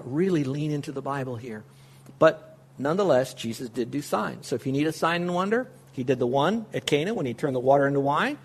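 A middle-aged man delivers a sermon in a slightly raised pitch. He speaks earnestly, often addressing his listeners directly. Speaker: pastor.

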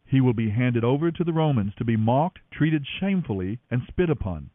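A man voicing Jesus as a calm adult male teacher, gentle but firm, speaking in an earnest, measured way over a dry, tinny line. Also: medium pitch, no room sound, lightly acted. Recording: dry, tinny phone-like sound.

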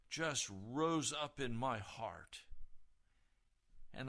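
A man telling a personal testimony as a sermon, in a dramatic, emotional storytelling manner that rises suddenly into loud peaks. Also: mid-range voice, slow. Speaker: preacher.

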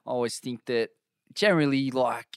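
A man with an Australian accent co-hosting a podcast, telling stories and reading out listener questions in a dry, deadpan way. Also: medium pitch, normal speed, clear, resonant tone, dry recording. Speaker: podcast co-host. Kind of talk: casual chat.

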